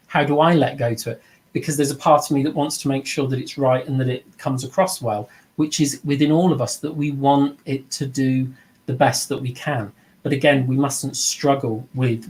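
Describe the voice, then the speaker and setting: A man's voice: mid-range voice, a little mellow. Man teaching over a video call. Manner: conversational, repeats himself, acts out quoted voices. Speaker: trance mediumship teacher. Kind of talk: teaching with personal anecdotes.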